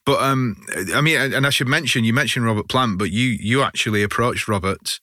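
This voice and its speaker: A man's voice: medium pitch, fairly even intonation, fairly quick, bright, forceful tone, dry recording, studio quality. A man hosting a casual interview, asking enthusiastic prompting questions. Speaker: podcast host.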